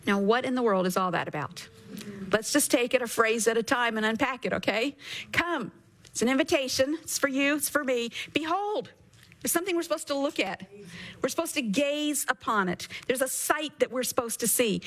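Woman doing a radio bible teaching, kinda high voice, earnest, slows way down on the verses. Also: fairly bright tone, poor audio. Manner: earnest, reads scripture slowly with emphasis. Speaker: Bible teacher and show host.

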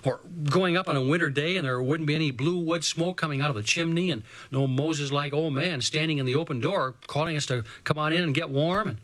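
A man reading a first-person story aloud as an audiobook narrator, with a folksy, measured delivery. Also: fairly high pitch, a bit bright, dry recording, poor audio.

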